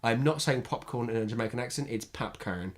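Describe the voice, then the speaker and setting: A man's voice: mid-range voice, fairly even intonation, quick pace. A young man from England co-hosting a podcast in casual chat, rambling and repeating words as he talks. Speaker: podcast co-host.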